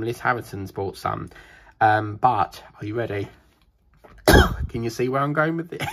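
A man with a British accent, chatting casually as he unboxes crafting kits for his channel, rambling and getting excited. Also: medium pitch, gravelly, slightly rough. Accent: British English.

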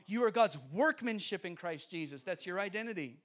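A man preaching as a guest speaker in a church, telling a story with lively acted-out dialogue. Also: high voice, fairly quick. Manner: animated, acts out dialogue, laughs often. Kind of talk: storytelling sermon. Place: church sanctuary.

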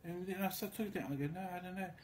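Rambling man with a mellow voice. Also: high-pitched, very fast, a little hiss or hum. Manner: meandering and crude, acts out other voices in quotes. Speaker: vlogger. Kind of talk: rambling casual storytelling.

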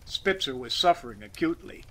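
A man narrating a classic story as an audiobook reader, expressive and measured. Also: mid-range voice, slight background noise, low-quality recording.

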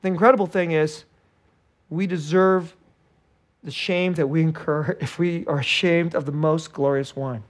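A man preaching a sermon as pastor, talking conversationally and dropping to hushed tones between livelier stretches, with laughs between phrases. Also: fairly high pitch, steady tone, measured pace.

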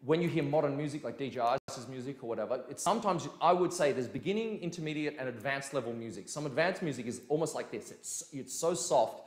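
A man teaching a dance lesson in a casual, energetic way, counting beats and demonstrating them out loud. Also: mid-range voice, quick pace, hardly any pauses. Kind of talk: live-streamed dance lesson, casual explaining. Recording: echoey room.

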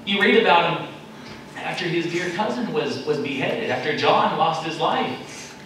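A man's voice: fairly high pitch, animated, a little slow, fairly bright tone, a little hiss or hum. A male pastor preaching a sermon, acting out prayers in a raised, pleading voice. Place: church sanctuary. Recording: echoey church hall, mic at a distance.

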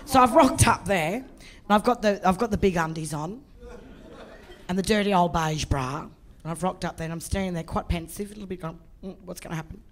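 A middle-aged woman doing a bawdy, energetic stand-up set on a comedy club stage. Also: on the low side, a little fast. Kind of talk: live stand-up routine.

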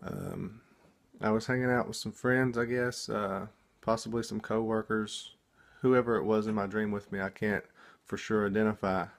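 A man telling about a dream he just woke up from, in a casual, halting testimony full of restarts and repeated words. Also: lowish voice, fairly even intonation, vocal fry. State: just woken up.

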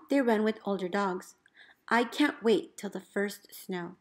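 A woman, a teacher, reading a picture book aloud in an expressive storybook voice, calling out the commands with gusto. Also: medium pitch, unhurried. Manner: expressive, calls out dog commands loudly.

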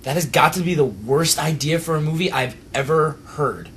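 A young man in a comedy skit, dismissive and mocking as he tells his own story pitches. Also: normal speed, fairly bright tone, slight background noise. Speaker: comedy sketch performer.

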